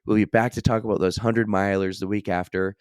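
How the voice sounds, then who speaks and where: A man hosting a casual podcast intro, hoarse and losing his voice, chatty and jokey. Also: fairly low pitch, steady tone, a little fast, a little mellow, no room sound, clean studio sound. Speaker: podcast host.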